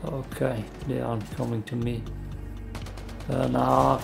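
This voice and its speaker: A man's voice: mid-range voice, little pitch movement, slow, creaky, pauses often. A man giving casual, self-deprecating play-by-play commentary while playing a shooter game. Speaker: gamer. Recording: faint music underneath.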